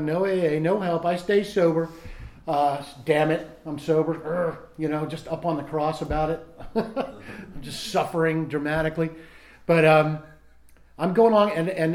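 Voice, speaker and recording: A man's voice: fairly high pitch, darkish tone. Candid self-mocking man sharing his story. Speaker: recovery meeting speaker reading from a book. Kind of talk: reading aloud and personal testimony.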